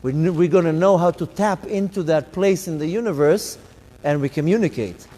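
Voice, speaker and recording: Rabbi guy telling a story live to his congregation, acts out voices, kinda high-pitched, big reverby synagogue sound. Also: normal speed, dark tone. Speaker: rabbi giving a talk. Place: synagogue hall.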